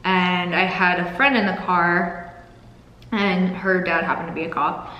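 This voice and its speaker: Low-voiced woman telling her story in an echoey room. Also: fairly even intonation, measured pace, lo-fi sound. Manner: candid, emotional, swears freely. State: holding back tears. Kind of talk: personal storytelling. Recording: echoey room with long reverb.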